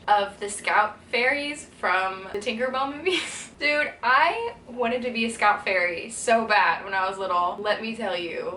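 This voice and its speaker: A woman's voice: medium pitch, pushed and bright, reverberant, a little hiss or hum, rough recording. A young woman chatting casually to camera in a reading vlog, giggly and full of "like" fillers. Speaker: reading vlogger. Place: indoors during a stay abroad.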